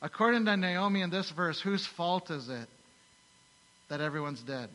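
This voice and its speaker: A male pastor preaching a sermon, telling stories with rhetorical questions and lively asides. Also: sits high, normal speed, big-room sound, rough recording.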